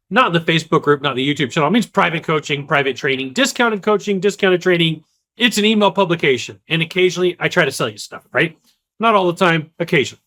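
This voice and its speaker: A man giving an energetic solo talk of sales advice, emphatic and repetitive, now and then acting out the quick voices of other people. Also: fairly high pitch. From Kentucky. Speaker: sales coach.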